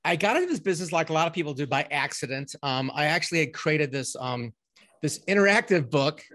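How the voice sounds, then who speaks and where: A middle-aged man talking as a guest on a remote interview, telling long stories in a rambling, animated way with many fillers and restarts. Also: a little high, quick pace. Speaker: podcast guest, ghostwriting company owner. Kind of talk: casual interview storytelling.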